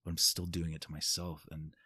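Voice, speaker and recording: A man's voice: sits low, monotone, fairly quick, bright, forceful tone, breathy edge, dry recording. A man talking candidly in a casual podcast conversation, swearing freely and laughing often.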